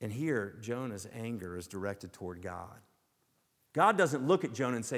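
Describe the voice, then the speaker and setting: A male pastor giving a sermon, asking rhetorical questions and swinging between raised emphasis and hushed, low asides. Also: expressive, normal speed, big-room sound.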